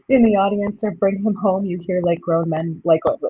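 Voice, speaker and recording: A woman in her thirties, a stage actress, telling lively stories in a casual interview and laughing often. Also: medium pitch, normal speed, husky, dry recording, highs cut off. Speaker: touring musical theatre actress, guest.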